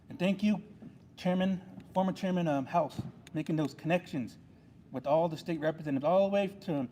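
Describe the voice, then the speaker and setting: A man's voice: fairly high pitch, darkish tone, slight background noise. A man serving on a tribal council, giving an earnest ceremony speech with a repetitive, rallying delivery.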